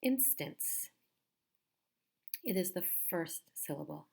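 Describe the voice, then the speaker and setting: A woman teaching a pronunciation lesson, speaking slowly and patiently and repeating each word carefully. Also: fairly low pitch, expressive, darkish tone.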